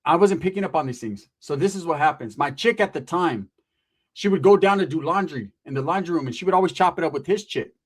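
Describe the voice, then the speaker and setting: A man's voice: on the high side, fast talker. Slangy, profane man telling a story. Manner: profane street slang, animated, quotes people often. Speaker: podcast guest telling a story. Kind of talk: casual storytelling.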